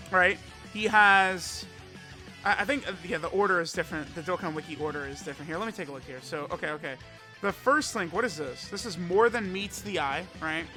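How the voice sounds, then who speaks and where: A man's voice: high-pitched, pushed and bright. A man giving casual commentary on a mobile game, rambling and thinking aloud with many fillers and restarts. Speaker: mobile game content creator.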